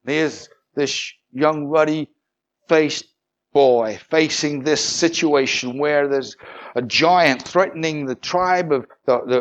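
A man preaching a sermon, moving from measured storytelling to fervent, rising proclamation with calls of hallelujah. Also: fairly high pitch, dull audio.

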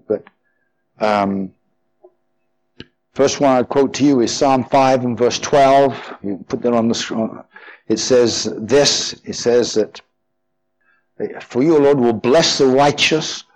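A man's voice: mid-range voice, a little mellow, low-quality recording. A man preaching a sermon as pastor, fervent and emphatic, often repeating his phrases.

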